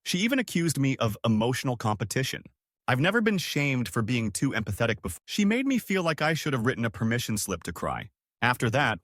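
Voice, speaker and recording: A male narrator reads short stories aloud in a wry, storytelling way. His pitch rises and falls freely, and the sound is dry and close, with no room around it. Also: a bit bright, no room sound. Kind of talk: scripted narration of reader stories.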